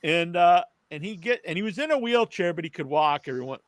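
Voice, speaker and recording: A man co-hosting a podcast who tells a rambling, animated story in a casual chat. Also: high-pitched, a little fast, dry recording. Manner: animated, rambling, restarts often. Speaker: podcast co-host.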